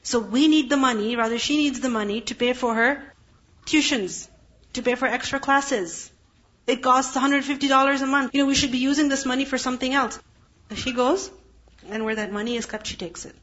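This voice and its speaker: A woman's voice: high-pitched, brisk, fairly bright tone. A woman teaching a Quran lesson, explaining Arabic terms and asking her class rhetorical questions. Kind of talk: religious lesson. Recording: dull lo-fi recording.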